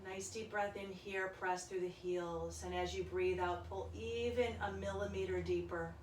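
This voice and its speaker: A woman leading a yoga class, giving calm, soft-spoken cues through breathing and stretches. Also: lowish voice, normal speed, a little hiss or hum. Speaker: yoga instructor. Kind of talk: guided yoga class instruction. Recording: echoey room, voice from a distance.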